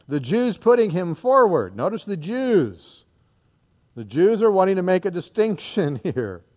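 A man delivers an expository sermon, reading scripture aloud and unpacking it verse by verse. He's animated, acting out the crowd and slipping into low, quiet asides.

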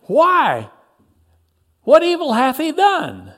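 A stern Roman governor, put on by a man reading aloud, pressing his questions in slow, archaic phrasing with a raised voice. His tone swings widely, rising and falling. It sounds like a dramatized scripture reading. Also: sits high, big pitch swings, a bit bright, full character voice. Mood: exasperated. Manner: archaic formal speech, slow and emphatic.

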